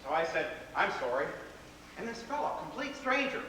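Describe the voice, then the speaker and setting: A man's voice: high voice, big pitch swings, normal speed, sharp tone, full character voice. A man playing a whimsical stagey storyteller. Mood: playful. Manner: theatrical, playful storytelling with grand flourishes. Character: whimsical, fast-talking, rebellious grown man. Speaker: stage actor. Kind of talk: live stage play acting. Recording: echoey theater hall from far off, faint noise.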